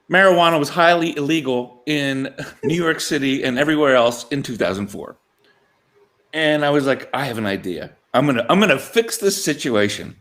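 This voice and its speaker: Male sports-show co-host, tenor-leaning voice, animated storyteller who laughs between lines. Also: a little high. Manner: animated anecdote-telling, chuckling mid-sentence. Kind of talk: casual storytelling chat.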